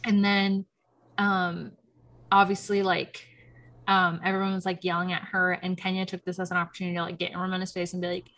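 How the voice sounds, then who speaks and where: A young woman hosting a casual chat, telling stories in an animated way, full of "like" and quick laughs. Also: on the low side. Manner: animated storyteller, heavy on "like", laughs often. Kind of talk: casual chat recapping a reality show.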